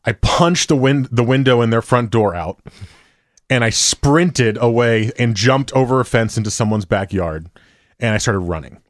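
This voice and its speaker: A young man in casual conversation, telling an animated story and acting out what his friends said. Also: medium pitch, moderate pace, dry recording, clean studio sound. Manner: animated storyteller, acts out quotes.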